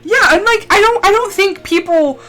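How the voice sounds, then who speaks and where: A woman streamer chatting casually and expressively while playing a game, full of fillers and quick laughs. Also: extremely high pitch, music in the background. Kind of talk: casual chat while gaming on a live stream.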